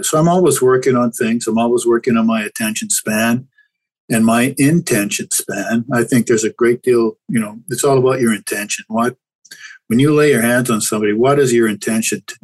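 A man's voice: medium pitch, fairly even intonation, fairly quick, low-quality recording. An older man, a chiropractor guest, talking candidly and reflectively in a casual interview, often restarting his sentences. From Canada.

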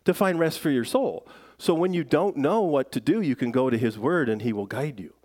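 A middle-aged man preaching a sermon in a relaxed, conversational way, with self-deprecating jokes and frequent fillers. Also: mid-range voice, brisk. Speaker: pastor.

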